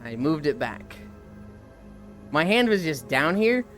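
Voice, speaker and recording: A woman's voice: sits low, big pitch swings, takes it slowly, faint music behind. A woman streaming live, chatting casually while she walks, telling rambling stories full of swearing and fillers. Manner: rambling storyteller, swears freely, trails off with fillers; talking while walking.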